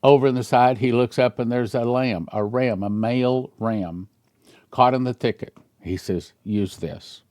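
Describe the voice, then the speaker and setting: A man's voice: mid-range voice, normal speed, a little mellow, no echo. A man pastor retelling a scripture story in a sermon, with emphatic repetition.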